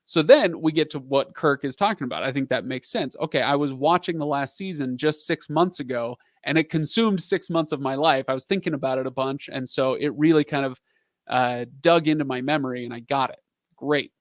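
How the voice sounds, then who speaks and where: A man's voice: medium pitch, fairly quick, no echo, studio quality. Chatty man hosting a live stream. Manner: chatty, rambling, with frequent fillers and asides. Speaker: livestream host answering viewer questions. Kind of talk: casual live-stream chat.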